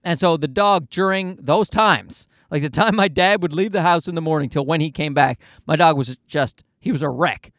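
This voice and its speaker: A man's voice: on the high side, moderate pace, hardly any pauses, fairly bright tone, no room sound, clean studio sound. A man hosting a casual comedic monologue, ranting with plenty of profanity and jumping between tangents.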